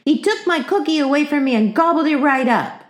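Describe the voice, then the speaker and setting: A woman's voice: sits high, animated, echoey room, pitched above the performer's own voice. A woman voicing a defiant four-year-old girl who drags her words out in a sing-song whine. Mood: sulky. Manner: slow, drawn-out, sing-song chanting.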